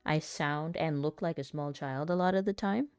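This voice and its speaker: A woman chatting casually between rehearsal takes, rambling and poking fun at herself with frequent laughs. Her voice sits low and unhurried. The recording is dry, with faint music in the background. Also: very animated, dark tone, no room sound. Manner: rambling, self-deprecating, laughs often. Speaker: voice actor and content creator. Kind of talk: casual chat while rehearsing.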